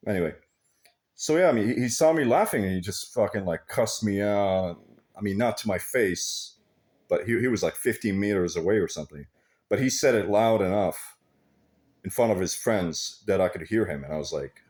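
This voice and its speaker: A man's voice: low voice, animated, moderate pace, a little mellow. A man talking in a casual, rambling vlog monologue, swearing freely and laughing often. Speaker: vlogger.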